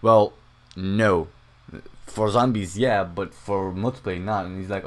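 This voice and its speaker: A man's voice: low-pitched, fairly even intonation, a little slow. A young man casually talking through a game tutorial at home, rambling and swearing often. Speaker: gaming channel host. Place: home room.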